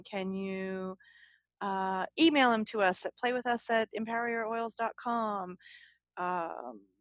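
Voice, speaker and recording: A woman's voice: mid-range voice, fairly bright tone, no room sound. A woman co-hosting a podcast, talking casually and upbeat, with plenty of fillers and restarts. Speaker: podcast co-host.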